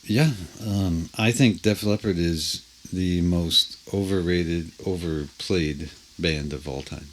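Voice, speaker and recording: Deep-voiced swearing podcast host. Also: male voice, takes it slowly, few pauses, a little hiss or hum. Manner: swearing, rambling ranter. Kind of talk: casual chat.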